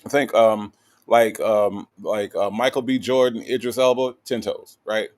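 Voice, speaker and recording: Male livestream host, joking and animated, chatty comment-reading delivery. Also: fairly low pitch, unhurried. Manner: animated, playful, with lots of "okay?" tags and fillers.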